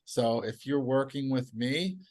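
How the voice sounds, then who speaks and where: A man telling stories as a podcast guest in casual conversation, animated and laughing often. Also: medium pitch, measured pace.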